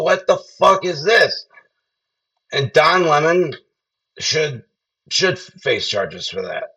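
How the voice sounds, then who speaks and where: Gravelly man ranting profanely. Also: medium pitch, fairly bright tone, recorded from a distance, poor audio. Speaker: podcast host. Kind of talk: casual political commentary.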